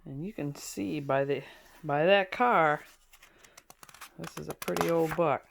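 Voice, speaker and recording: Woman storyteller, low pitch, reads an old children's book aloud with chatty asides. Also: unhurried, gravelly, slight background noise. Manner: warm, chatty asides between passages. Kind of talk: reading aloud to listeners.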